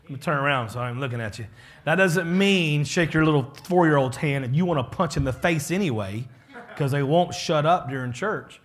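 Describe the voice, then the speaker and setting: A man's voice: on the high side, moderate pace. A man, a pastor giving a casual, joking leadership talk to his congregation and acting out the people he quotes.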